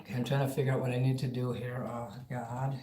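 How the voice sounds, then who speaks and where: A man's voice: medium pitch, level tone, quick pace, mellow, slight background noise. A man hosting a karaoke livestream, chatting casually between songs, rambling and thanking viewers by name. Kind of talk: casual live-stream chat between songs.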